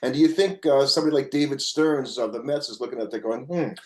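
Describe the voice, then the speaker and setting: A man co-hosting a podcast who asks his questions in a hesitant, halting way. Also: mid-range voice, darkish tone. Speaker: podcast co-host. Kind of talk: casual podcast interview. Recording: echoey room.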